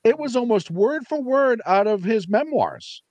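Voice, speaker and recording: A man's voice: very high voice, expressive, unhurried, darkish tone, no room sound. A man talking bluntly on a heated political panel, rambling and restarting his sentences.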